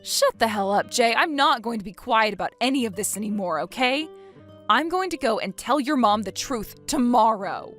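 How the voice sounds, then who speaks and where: A woman's voice: on the high side, expressive, normal speed, faint music behind. A woman voicing a fed-up young wife who works from home, snapping back in exasperation, in a text-story dramatization. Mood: exasperated. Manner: exasperated, angry, sharp retorts.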